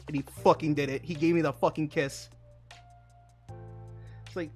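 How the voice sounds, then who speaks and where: A man's voice: on the high side, steady tone, moderate pace, pauses often, faint music behind. A young man streaming while he builds models, telling a long funny story in casual chat, laughing and swearing often.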